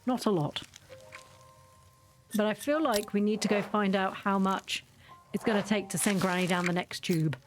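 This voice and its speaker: A woman's voice: mid-range voice, moderate pace, long pauses, over music. Chatty, sarcastic woman streamer. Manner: chatty and sarcastic, often giggling. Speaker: game streamer. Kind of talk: casual chat while gaming.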